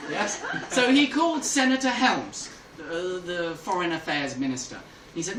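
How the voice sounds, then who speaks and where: A man doing stand-up, telling a long joke and switching into quick voices for the characters in it. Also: high-pitched, expressive. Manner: storytelling with put-on voices for characters. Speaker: stand-up comedian. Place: comedy club with audience. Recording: roomy, distant, noisy club recording.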